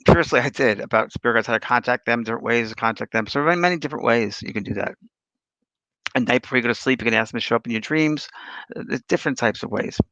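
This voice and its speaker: A man's voice: mid-range voice, fast, pushed and bright, no room sound. A man hosting a casual spiritual talk show, rambling through anecdotes and viewer questions. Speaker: spiritual medium and host. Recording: dull lo-fi dry sound.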